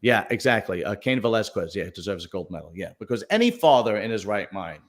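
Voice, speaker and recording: A man's voice: on the low side, sing-song, brisk. Man rambling through news stories. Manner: rambling storyteller with many fillers and restarts; tells jokes read out for viewer donations. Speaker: podcast host. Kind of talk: casual news chat.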